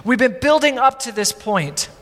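A man's voice: very high-pitched, moderate pace, long reverb tail. A male pastor preaching a sermon in a conversational, storytelling way, acting out the people in his story. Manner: animated, conversational, acts out quotes.

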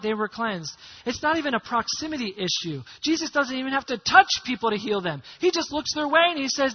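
A man with a high, husky voice delivers a sermon, dropping to a hush and then rising loud as he tells a story. The recording sounds dull and lo-fi. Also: big pitch swings, a little fast, few pauses. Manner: dramatic storytelling, swings from hushed to loud. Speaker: pastor.

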